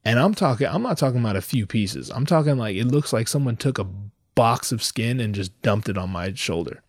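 A young man telling a profane, exasperated story in a dry close recording, with slangy talk that keeps stammering and restarting. His pitch stays mid-range as he rants animatedly. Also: animated, brisk, dry recording. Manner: stammers and restarts when worked up. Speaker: vlogger. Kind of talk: casual storytelling rant.

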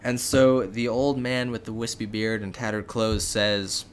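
A young man casually retelling a fairy tale as a podcast co-host, with relaxed, jokey asides and frequent fillers. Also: on the low side, moderate pace, few pauses, slight background noise.

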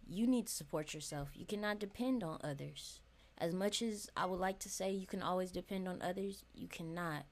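A young woman talks through a solo podcast in a frank, chatty way, speaking right to her listeners. Her voice sits a little low for a woman. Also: a little mellow. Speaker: podcast host. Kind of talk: casual solo podcast monologue.

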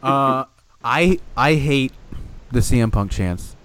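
A man's voice: medium pitch, expressive, slow pace, a bit bright, clear, resonant tone. A man co-hosting a casual wrestling podcast, talking animatedly, swearing often and venting exasperated gripes. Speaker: podcast co-host.

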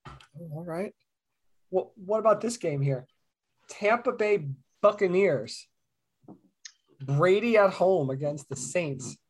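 A man's voice: high voice, animated, slow, long pauses, husky. A man hosting a casual sports betting chat, reading lines and teasing his co-hosts as he moves the picks along. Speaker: podcast host running the picks.

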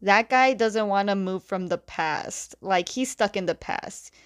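A woman's voice: mid-range voice, measured pace, smooth. A young woman casually recapping a comic story, chatty, laughing often and leaning on "like.".

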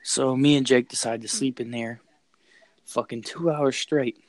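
A man's voice: mid-range voice, unhurried, no room sound, rough recording. Young guy telling a creepy story, swears a lot, dry close sound. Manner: excited, profane, repeats phrases. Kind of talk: casual story.

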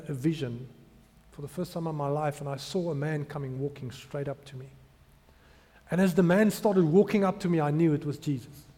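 Man preaching in an echoing hall. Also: a little high. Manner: emotional storytelling, rising to loud emphasis. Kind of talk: sermon testimony. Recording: long hall reverb.

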